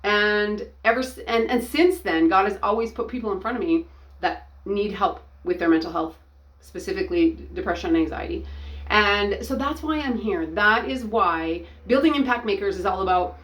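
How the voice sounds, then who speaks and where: A middle-aged woman giving a personal testimony, talking earnestly and haltingly, often restarting her sentences. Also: mid-range voice, lively intonation, a bit bright. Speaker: ministry founder and coach.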